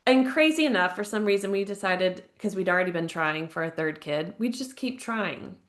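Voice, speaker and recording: Woman, 30s, podcast guest, earnest and reflective, mid-pitched voice, casual filler words, light laughs. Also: lively intonation, normal speed. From United States. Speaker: podcast guest, grief counselor and author. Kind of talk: podcast interview, personal storytelling. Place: home, living abroad.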